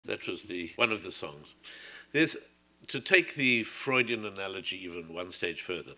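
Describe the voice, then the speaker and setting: A man's voice: low-pitched, animated, moderate pace, bright, forceful tone, soft background music. An older man from South Africa giving a reflective public lecture, often circling back and restarting his sentences.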